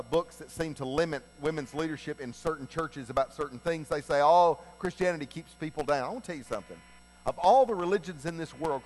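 High-voiced male preacher in a reverberant hall. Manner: folksy, animated storytelling. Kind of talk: sermon retelling a Bible story.

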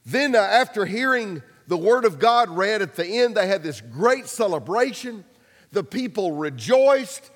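A pastor preaching a sermon, telling stories casually with humor and acted-out quotes. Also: male voice, high voice, big pitch swings, a little slow, big-room sound.

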